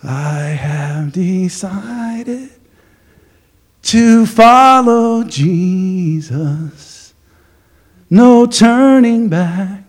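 A man's voice: extremely high pitch, pitched above the performer's own voice. A man doing a cheerful hymn-singing prisoner. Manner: slow, sing-song, upbeat. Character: cheerful, optimistic male prisoner singing hymns.

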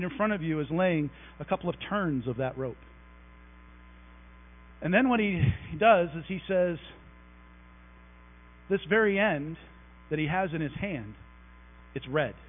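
A man preaching a conversational, animated sermon in a church sanctuary, joking with the congregation as he goes. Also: a little high. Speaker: pastor. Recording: tinny phone-like recording with mains hum.

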